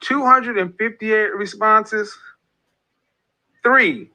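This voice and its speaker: A man's voice: sits high, drawn-out words, bright, forceful tone. A man giving an impassioned, preachy monologue as an online group leader, repeating his points with emphasis. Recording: dull lo-fi audio.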